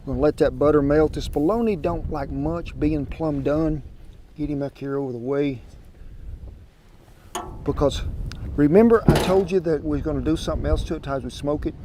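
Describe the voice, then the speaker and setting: A man's voice: fairly high pitch, moderate pace, noisy background. Folksy man cooking outdoors. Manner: folksy, drawling, chatty. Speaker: cooking show host. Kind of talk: casual cooking demonstration. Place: outdoors by a smoker grill.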